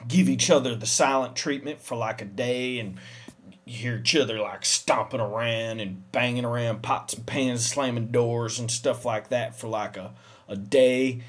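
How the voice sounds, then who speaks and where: Rambling deadpan comic man. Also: medium pitch, normal speed. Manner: rambling, acts out both sides with sudden shouts. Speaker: comedic monologue performer. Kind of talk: deadpan comedic monologue.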